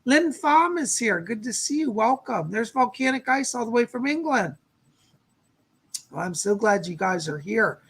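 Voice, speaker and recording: A man's voice: very high voice, animated, moderate pace, a bit bright, slightly rough. A man in his sixties hosting a live-stream chat as a psychic medium, gushing and exclamatory as he greets viewers.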